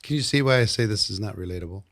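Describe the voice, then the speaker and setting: A man's voice: on the low side, very fast, a bit bright. A middle-aged man hosting an interview, asking probing questions and restarting his sentences as he thinks. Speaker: podcast host. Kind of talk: interview conversation.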